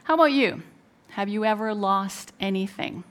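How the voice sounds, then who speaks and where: A woman's voice: mid-range voice, normal speed, fairly bright tone. A middle-aged woman from Canada preaching a sermon, retelling a personal story with many fillers and emphatic turns.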